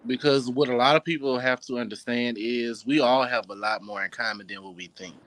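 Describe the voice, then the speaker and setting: A man hosting a casual talk show, with a mid-pitched voice that he keeps pushing up for playful emphasis. His manner is sassy and animated. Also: a little fast, rough recording. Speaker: host. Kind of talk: casual chat.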